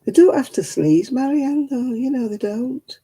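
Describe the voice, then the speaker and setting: Tired, husky woman chatting. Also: high-pitched, expressive, unhurried, dark tone. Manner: chatty, talks to viewers by name. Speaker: livestream host. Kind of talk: casual livestream chat.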